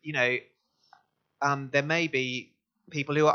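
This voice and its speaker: A man hosting a live question session, halting and searching for his words as he frames a question. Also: mid-range voice, steady tone, pushed and bright. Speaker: event host. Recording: dull lo-fi live recording.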